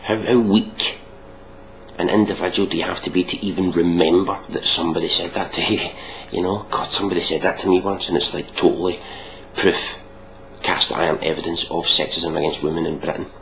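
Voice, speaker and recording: A man's voice: sits low, fairly even intonation, fairly quick, gravelly, fairly bright tone, a little hiss or hum, low-quality recording. A man hosting a casual reaction video, mocking and sarcastic, swearing freely.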